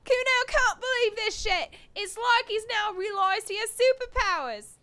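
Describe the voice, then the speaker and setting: A woman voicing a taunting, bratty young boy in a game, screeching and yelling at high volume. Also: normal speed, dry recording.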